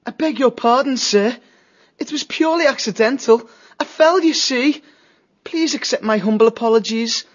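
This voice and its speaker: A man's voice: extremely high pitch, normal speed, highs cut off, voice pushed up. A man narrating a storybook and voicing a young male mouse who talks politely and earnestly.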